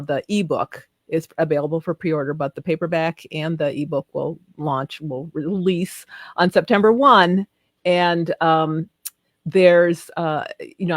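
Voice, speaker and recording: An older woman with a Southern US accent, a guest author talking effusively in a casual video call interview and quick to laugh. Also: on the low side, no echo, studio quality.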